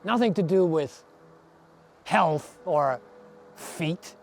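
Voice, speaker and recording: A man in his sixties telling his story in an earnest, reflective way, slowing down to stress his words. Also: on the high side, a little hiss or hum. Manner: earnest, slow, emphatic. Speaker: adventurer recounting a long walk.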